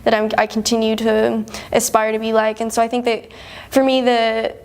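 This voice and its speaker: A woman's voice: fairly high pitch, completely flat delivery, normal speed, clear, resonant tone. A young woman from Texas, a first-year college soccer player, answering interview questions in an earnest, modest way with long rambling sentences. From Houston, Texas, USA. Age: young adult. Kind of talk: post-game sports interview.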